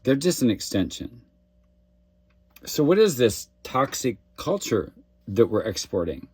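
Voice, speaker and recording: A man delivering a preachy, deliberate message to camera with calls to action. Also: medium pitch, sing-song, a little mellow, slightly rough. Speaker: social media creator.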